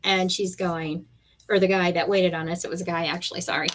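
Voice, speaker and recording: Middle-aged lady chatting while she crafts, lively storyteller, does all the voices. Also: on the low side, a little fast. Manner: animated storyteller, acts out quotes. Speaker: craft live-stream host. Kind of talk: casual chat while crafting.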